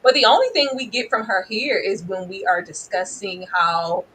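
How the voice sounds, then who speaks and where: A woman reviewing a reality show in casual commentary, animated and slangy, laughing often. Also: mid-range voice, normal speed, slight background noise, low-quality recording.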